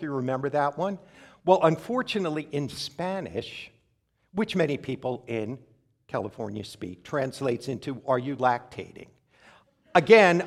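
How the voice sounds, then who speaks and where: A man preaching a sermon, telling a funny travel story with wry, conversational asides. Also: fairly high pitch. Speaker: pastor.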